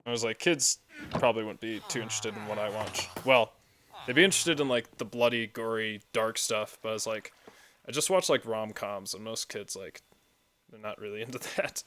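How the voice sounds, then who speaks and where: Relaxed rambling male gamer. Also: fairly low pitch, moderate pace, a little hiss or hum. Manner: rambling and relaxed, with many fillers and side stories. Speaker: streamer playing a block-building game. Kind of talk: casual gameplay chat.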